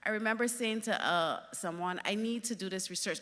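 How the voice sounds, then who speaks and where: A woman speaks at a conference, telling her stories with lively emphasis. Her voice is bright and forceful, and it rings with the long reverb of a big hall. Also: mid-range voice, brisk, few pauses. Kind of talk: conference talk.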